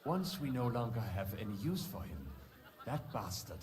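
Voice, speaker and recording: A grim young townsman, played by a man, speaks in a game in stiff, formal sentences with a bitter edge. His pitch moves a good deal around a middle register. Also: big pitch swings, moderate pace, darkish tone, close to an everyday voice. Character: grim young male townsman, bent on revenge.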